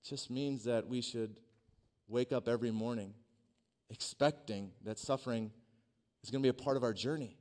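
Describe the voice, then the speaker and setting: A man in his forties delivers a church sermon through a lively personal story, his voice sitting at an ordinary middle pitch. He drops to a near-hush for the serious points, then rises loud and excited for the funny moments, with playful asides to the congregation. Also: moderate pace. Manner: animated storyteller, swings from hushed to loud, humorous asides. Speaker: pastor.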